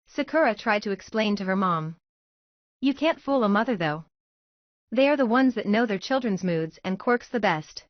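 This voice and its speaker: A woman's voice: mid-range voice, expressive, normal speed, dry recording, dull audio. Woman narrating a fan-fiction story. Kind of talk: audiobook-style story narration.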